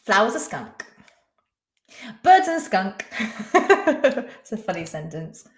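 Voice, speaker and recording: A woman's voice: medium pitch, very animated, slow. A woman hosting a live-stream quiz, chatting casually and reading out viewers' names and answers. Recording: echoey room.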